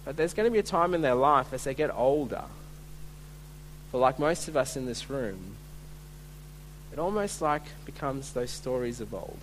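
A male pastor preaching a sermon at a church service, earnest and emphatic, slowing to stress key words. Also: on the high side, a little hiss or hum.

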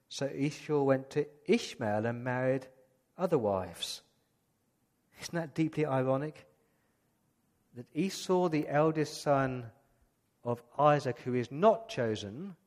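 Man preaching in a reverberant church. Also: medium pitch. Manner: lively storytelling, acting out scenes. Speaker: pastor. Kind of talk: sermon. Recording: long church-hall reverb.

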